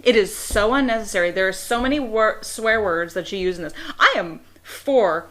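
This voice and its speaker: A young woman from the Pittsburgh area with a Pittsburgh accent, a guest on a casual podcast, talking in an animated way with quick asides and laughs. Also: mid-range voice. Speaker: guest reviewer.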